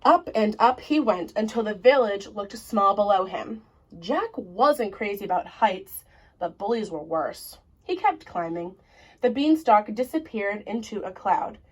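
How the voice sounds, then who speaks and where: A woman reading a children's story aloud in an expressive, deliberate way. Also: mid-range voice, rough recording.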